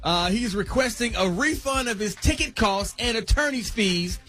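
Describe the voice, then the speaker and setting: A man's voice: high-pitched, animated, moderate pace, a bit bright, faint music behind. A man reading morning radio sports news, sing-song and laughing as he goes. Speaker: sports reporter.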